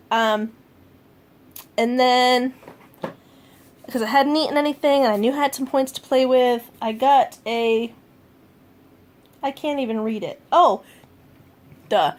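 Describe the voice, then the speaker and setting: A woman with a fairly high voice talks casually at home, logging her day's food for a vlog. She rambles along with fillers and self-corrections. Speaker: vlogger.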